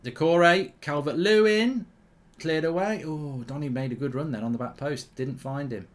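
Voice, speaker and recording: A man's voice: a little high, moderate pace. A man hosting a live football watchalong, chatting opinionatedly and reacting to the match. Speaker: host.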